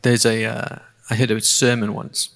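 A man preaching a sermon and leading a prayer, earnest and halting, often repeating words. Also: lowish voice, flat delivery, vocal fry, a bit bright, big-room sound. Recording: faint guitar music behind.

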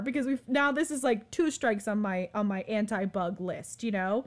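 A woman's voice: fairly high pitch, normal speed, few pauses. Chatty woman telling a story. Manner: animated, filler-heavy, frequent "like". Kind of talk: casual storytelling chat.

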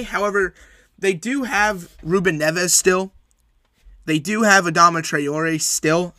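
Bright-voiced man recapping football. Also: a little high, no room sound. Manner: opinionated, emphatic predictions with repeated phrases. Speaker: sports podcast host. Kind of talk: solo sports recap.

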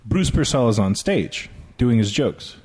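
A man comedian telling a story in a casual, profane, animated way on a podcast. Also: mid-range voice, a little slow, a little hiss or hum. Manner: profane, animated, laughing through the tale.

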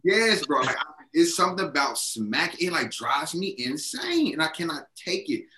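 Animated slangy young man, bright echoey voice. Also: on the high side, normal speed. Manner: animated storyteller, swears a lot, slangy. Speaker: podcast co-host. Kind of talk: casual chat.

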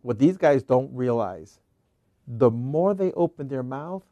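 A man's voice: medium pitch, expressive, warm tone, no echo. Emphatic man co-hosting a podcast. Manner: emphatic, slows down to make a point. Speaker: podcast co-host. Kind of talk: casual chat.

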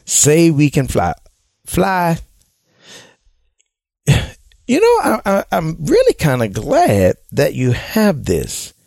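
Animated man with a gravelly voice. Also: on the high side, slow pace, pauses often, no echo, studio quality. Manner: animated, mimics people in exaggerated voices. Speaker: advice show host. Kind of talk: casual advice talk.

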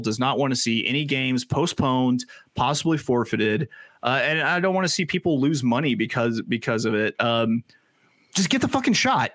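A man co-hosting a sports gambling podcast talks in an animated, stop-start way and swears for emphasis. His voice sits at a middle pitch. The recording is dry with no room sound. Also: no echo. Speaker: podcast co-host. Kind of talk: casual sports chat.

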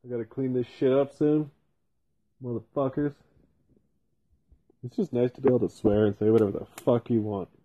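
A man's voice: medium pitch, fairly even intonation, moderate pace, long pauses. A man hosting a solo podcast from his basement, rambling casually and swearing constantly. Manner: profane, rambling, heavy swearing. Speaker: podcast host. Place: home basement. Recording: tinny phone-like sound.

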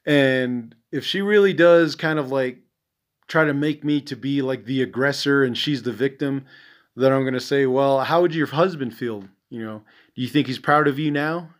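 A man in a middle range of pitch rants as the host of a podcast, swearing freely and filling the gaps with "you know." He talks in a casual, rambling way, and his voice sinks quietly at the end of his phrases. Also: normal speed. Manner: angry, profane ranting full of "you know"; voice drops and trails off at ends of phrases. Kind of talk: casual monologue.

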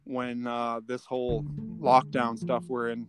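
A man's voice: mid-range voice, completely flat delivery, unhurried. Guy from alberta cohosting a podcast, jokey banter, guitar music under him. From Alberta, Canada. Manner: joking, opinionated banter. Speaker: podcast co-host. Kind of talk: casual chat.

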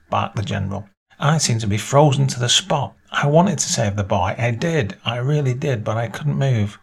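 Husky male story narrator. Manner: measured storytelling, voices dialogue with small pitch lifts. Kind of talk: reading a short story aloud.

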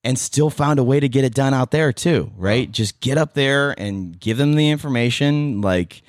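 A man's voice: medium pitch, moderate pace, no echo, studio quality. A man in his thirties with a Californian accent, chatting as a podcast guest, rambling with fillers and restarts. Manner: rambling, many restarts and fillers, animated asides. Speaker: podcast guest, former radio host and event MC. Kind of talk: casual interview chat.

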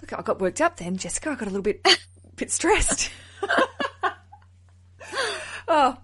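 A woman hosting a podcast in casual chat, animated and quick to laugh at herself. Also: fairly high pitch, a little hiss or hum. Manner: animated, laughs often, self-deprecating. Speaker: podcast host.

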